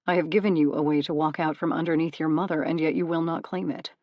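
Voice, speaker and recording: A woman voicing a brooding male god of the dead who speaks in a measured, controlled way. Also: sits low, fairly even intonation, dry recording, dull audio. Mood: stern calm.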